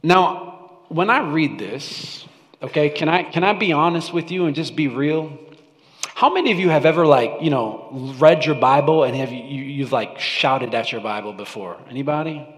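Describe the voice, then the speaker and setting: A man preaching from the pulpit of a church, chatty with his congregation and quick to burst into loud mock outbursts before dropping to an earnest hush. His voice sits a bit high for a man. The sanctuary carries a long, ringing reverb. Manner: animated, shifts from loud mock-shouting to hushed earnestness; conversational, asks the congregation questions. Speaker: pastor. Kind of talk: sermon.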